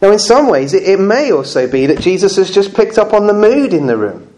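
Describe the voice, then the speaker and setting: A man preaching a sermon at a church service, earnest and conversational, with slow emphatic phrases and touches of humour. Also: sits high, very animated, a little mellow.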